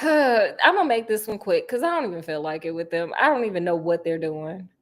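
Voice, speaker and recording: A woman's voice: lowish voice, animated, brisk. A woman chatting casually while she cooks, sassy and full of asides like honey and girl. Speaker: vlogger. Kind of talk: casual chat while cooking.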